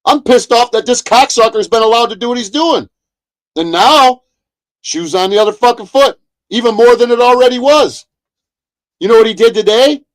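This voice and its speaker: A male streamer with an extremely high-pitched voice rants heatedly on a livestream at normal speed. He's angry, profane, and repetitive.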